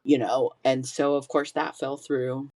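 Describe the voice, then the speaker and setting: A woman's voice: a bass voice, level tone, a little slow, a little mellow. Candid woman telling a hard story. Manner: candid, swears freely, laughs through hard memories. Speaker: podcast guest. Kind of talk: personal storytelling.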